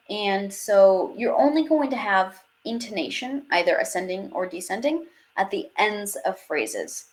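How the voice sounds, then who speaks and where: A woman teaching a live online French class, chatty and upbeat, reading out viewer questions as she goes. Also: medium pitch.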